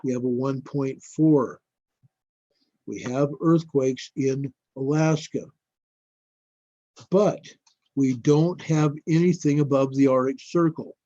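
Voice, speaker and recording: A man with a somewhat high, mellow voice hosts a casual live stream, rambling unhurriedly and calling his viewers folks. He talks very slowly. The sound is dull and lo-fi, with a dry, close feel. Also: no echo. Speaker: livestream host. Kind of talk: casual live stream commentary on earthquake maps.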